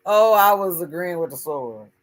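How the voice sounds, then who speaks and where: A woman's voice: on the low side, expressive, normal speed. A woman co-hosting a casual live-stream chat, making laid-back, wry remarks. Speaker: co-host.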